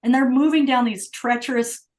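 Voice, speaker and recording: A woman's voice: on the high side, normal speed, low-quality recording. A middle-aged woman, a guest and rancher mother, telling a story casually and chiming in with short agreements. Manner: lively, chimes in with short agreements.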